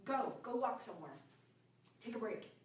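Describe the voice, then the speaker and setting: A woman giving an earnest, reflective self-help talk about finding peace, her voice often dropping soft and low. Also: big pitch swings, moderate pace, slight background noise. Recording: echoey room from a distance, faint ambience.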